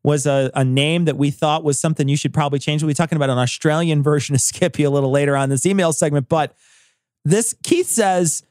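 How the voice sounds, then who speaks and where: A man hosting a podcast in casual chat, animated, swearing and laughing often. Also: a little high, fast, no echo, studio quality. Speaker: podcast host.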